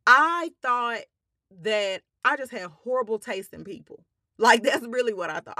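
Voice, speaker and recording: On the high side and full of lively intonation, a woman's pushed, bright voice unfolds at an unhurried pace in clean studio sound with no room echo. As a podcast host she tells listeners, whom she calls y'all, her personal story, swearing a lot, speaking emphatically and bluntly, and holding back tears.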